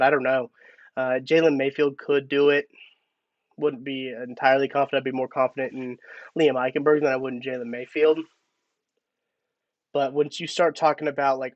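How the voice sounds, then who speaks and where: A man's voice: mid-range voice, dry recording, muffled recording. A man hosting a casual live-stream sports talk, chatty and thinking aloud with restarts. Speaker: podcast host.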